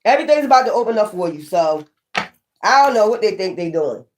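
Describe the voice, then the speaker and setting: A woman giving a casual tarot reading to viewers, emphatic and rambling, swearing freely, swinging from near-shouts to low muttering. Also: lively intonation, a little fast, background noise. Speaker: tarot reader.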